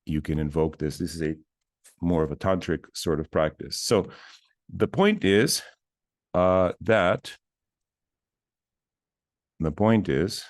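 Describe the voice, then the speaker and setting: A man's voice: sits low, measured pace, long pauses, no room sound, clean studio sound. A man teaching in a casual, chatty way, chanting short syllables between explanations and mocking himself now and then. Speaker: spiritual teacher. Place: outdoors near a bridge.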